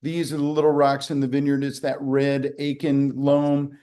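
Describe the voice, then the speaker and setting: A man's voice: medium pitch, completely flat delivery, moderate pace, dark tone. A man hosting a casual virtual wine tasting on a video call, rambling and joking with fillers and restarts. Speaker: winery executive hosting a tasting. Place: winery.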